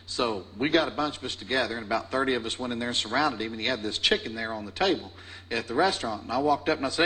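A man's voice: mid-range voice, rapid-fire, pushed and bright, rough recording. A man telling a story in an interview, folksy and self-mocking.

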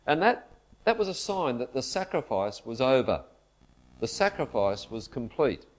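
A man delivers a sermon at a church camp in a mid-range voice. He speaks earnestly and at a measured pace, and he leans into the scripture he quotes. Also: mid-range voice, sing-song. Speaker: preacher. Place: church camp meeting hall.

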